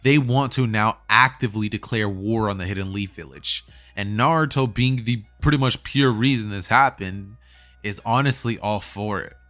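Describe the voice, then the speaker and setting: A man's voice: on the low side, normal speed, a bit bright. A man narrating a fan story in a casual way, with fillers and restarts. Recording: faint music behind.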